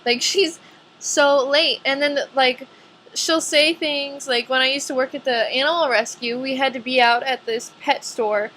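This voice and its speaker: Young woman vlogger, nineteen, casual and chatty, bright tone, light background noise. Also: on the high side. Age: young adult. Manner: chatty, says "like" a lot. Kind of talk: casual chat to camera.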